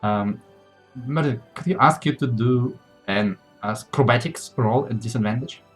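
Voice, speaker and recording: A man narrating as game master of a tabletop game, relaxed and quick to laugh at himself. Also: mid-range voice, soft background music.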